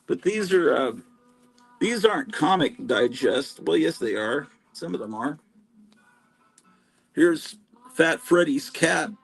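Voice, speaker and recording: A man's voice: a little high, expressive, takes it slowly, creaky, pauses often, breathy edge, soft background music, poor audio. A man hosting a live stream from home, chatting in a rambling, self-deprecating way among his comic books. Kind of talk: casual live-stream chat. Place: home room stacked with comics.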